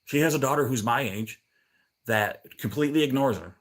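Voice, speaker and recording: Middle-aged male stream host, mid-pitched, rambling and irritated storyteller. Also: brisk. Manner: rambling, annoyed, acts out both sides with "I go". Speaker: livestream host. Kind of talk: casual storytelling chat.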